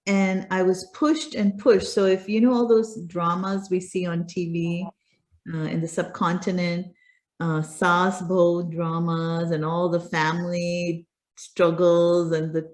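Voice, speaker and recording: A woman's voice: fairly low pitch, a little mellow. Earnest woman telling a personal story. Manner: earnest, repeats words for emphasis. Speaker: guest speaker.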